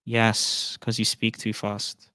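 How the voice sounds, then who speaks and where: A man's voice: fairly low pitch, monotone, takes it slowly, bright, forceful tone, smooth, no room sound, studio quality. A man in an online debate who speaks assertively and lectures his opponent while pressing his questions.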